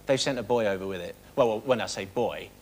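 Fast-talking and lowish in pitch, an English man presents a TV game show, playfully interrogating guests with pretend sternness. Loud crowd sounds come from the studio's live audience.

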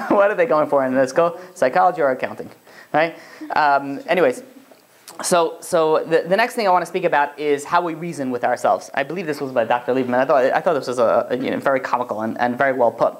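Male rabbi teaching a class, rapid and chatty, lots of "you know"s. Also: medium pitch. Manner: conversational, full of fillers, checks in with the class. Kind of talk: casual classroom lecture.

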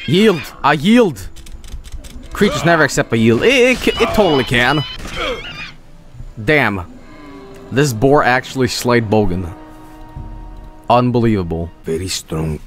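Over background music, this Swedish streamer talks at an unhurried pace with long pauses, his voice sitting in the mid range. Commentating a game casually, he stays jokey and profane, animated and full of silly voices.

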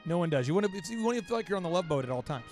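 A man hosting a casual business podcast who banters quickly and playfully. His voice is a little high, and faint music plays behind him. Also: animated, darkish tone. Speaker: podcast host.

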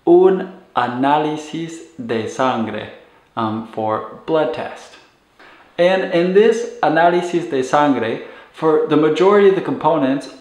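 Slow, careful male language teacher. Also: medium pitch, a little mellow, reverberant. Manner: slow, careful, repeats each Spanish term. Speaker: medical Spanish teacher. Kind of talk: recorded video lesson.

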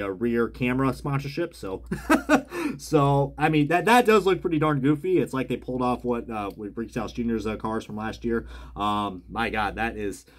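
A man casually reviewing die-cast cars as he unboxes them, chatty and rambling, often correcting himself mid-sentence. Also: medium pitch.

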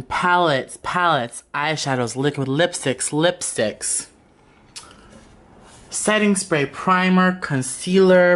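A man's voice: fairly high pitch, fairly bright tone. A man chatting as a beauty vlogger on a casual room tour, gushing and peppering his talk with "like" and "y'all", at home in a small room.

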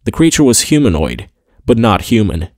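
A man narrating a science-fiction audiobook in a steady, clear storytelling manner. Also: on the low side, normal speed, dry recording, clean studio sound. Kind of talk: scripted narration.

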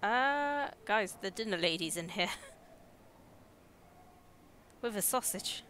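A woman's voice: medium pitch, animated, slow pace, fairly bright tone, a little hiss or hum. A young woman with an English Midlands accent chatting casually and giggling as she streams a game. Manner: chatty, giggly, reacts aloud to scares. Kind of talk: casual live gameplay commentary.

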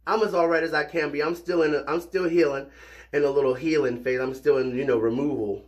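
A man talking casually to his viewers as cousins, playful and animated, his voice still a little hoarse from recent illness. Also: fairly high pitch, brisk. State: slightly hoarse, recovering from illness. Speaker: vlogger. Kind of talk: casual direct-to-camera chat.

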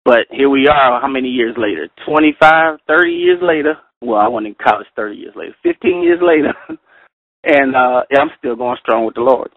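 A middle-aged man leading a Bible study, reading verses slowly and carefully, then telling personal stories with animated delivery. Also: medium pitch, no room sound. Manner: animated storyteller, reads scripture slowly and carefully. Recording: tinny phone line, dry.

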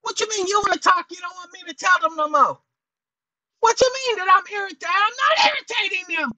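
This is a cranky, childish character with a high, bright voice, which a man puts on as his alter ego. He stammers, repeats himself and keeps bickering with someone off-mic. The sound is dry and close. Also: brisk, no echo, full character voice. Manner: excitable, stammering, talks back to an unseen helper. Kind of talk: comic put-on voice on a video channel.

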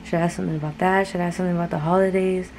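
A young woman from California with a Californian accent, chatting casually to her vlog camera in a relaxed, slangy way, full of "like". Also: fairly low pitch, very fast, slight background noise, low-quality recording. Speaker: vlogger. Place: in a car, then a restaurant. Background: loud music.

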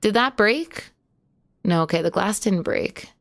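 A woman's voice: mid-range voice, animated, measured pace. A woman streaming a horror game live, chatting to viewers, yelping at jump scares and swearing casually. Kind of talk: live horror gameplay commentary.

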